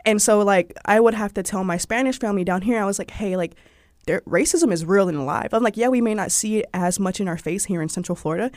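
A woman's voice: medium pitch, fast, no echo, studio quality. A young woman from Georgia with a Southern accent, telling personal stories in a chatty interview with lots of "like" fillers. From Georgia, USA. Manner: chatty, frequent "like" fillers, animated quoted voices. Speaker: interview guest. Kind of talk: casual personal storytelling.

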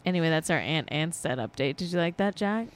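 A woman hosting a podcast, animated and gossipy in casual chat, laughing easily. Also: low voice, a little fast. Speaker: podcast host.

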